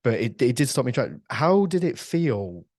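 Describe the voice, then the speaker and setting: A man's voice: medium pitch, sing-song, normal speed, a little mellow, no room sound, studio quality. A man hosting a podcast, speaking earnestly and encouragingly, with lots of fillers. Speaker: podcast host. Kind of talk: casual interview chat.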